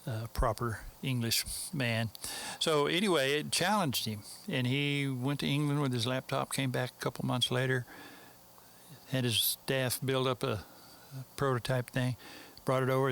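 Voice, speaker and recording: A Texan man speaking as an interview guest, telling a long story in a relaxed, folksy way. He rambles and leans on fillers like "so anyway". His voice sits at an ordinary middle pitch for a man. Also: normal speed, gravelly, slight background noise. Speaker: interview guest, mastering engineer.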